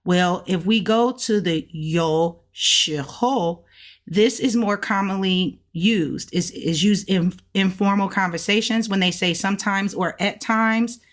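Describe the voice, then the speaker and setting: A woman's voice: mid-range voice, takes it slowly. A woman hosting a casual video lesson, explaining step by step and drawing out sounds to demonstrate them. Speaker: host of a language-learning channel.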